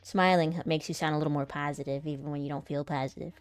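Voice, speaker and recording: Low-pitched and fairly even, a young woman's voice moves at a quick pace in a dry recording. Between voice acting takes on her live stream, she chats casually, giggles, and pokes fun at herself.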